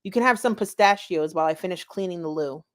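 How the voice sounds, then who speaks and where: Woman reading as a worn-out guy on late shift, patient but fed up, low-ish voice. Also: quick pace, close to an everyday voice. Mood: exasperated. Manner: weary, correcting, matter-of-fact.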